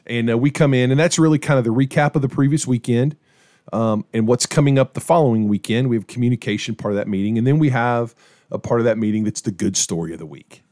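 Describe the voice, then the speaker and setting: Animated middle-aged man telling a story. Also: mid-range voice, fast, dry recording, studio quality. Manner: animated storyteller, acts out quoted voices. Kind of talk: casual storytelling chat.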